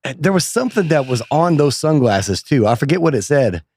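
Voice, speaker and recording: A man's voice: on the high side, sing-song, a little fast, a little mellow. A man co-hosting a comedy podcast in easygoing casual chat, laughing along with his partner. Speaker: podcast co-host.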